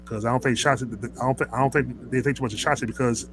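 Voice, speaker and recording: A man's voice: mid-range voice, fairly even intonation, very fast, music in the background, poor audio. A man hosting a casual wrestling talk show, ranting in a heated, rambling way, with many stammers and restarts. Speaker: host.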